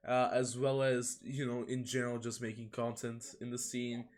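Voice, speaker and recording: Podcast host, male, mid-range voice, relaxed interviewer who laughs easily. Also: medium pitch, moderate pace.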